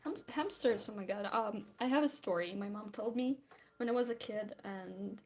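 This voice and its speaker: A woman's voice: mid-range voice, normal speed. A tired young woman from Belarus, rambling and giggling as she chats casually while drawing. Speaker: streamer.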